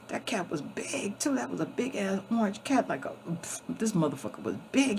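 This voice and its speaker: A woman's voice: mid-range voice, sing-song, moderate pace, vocal fry, darkish tone, slight background noise. A woman vlogger telling a story in a blunt, emphatic, heavily profane way, often restarting and repeating herself. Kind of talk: casual storytelling.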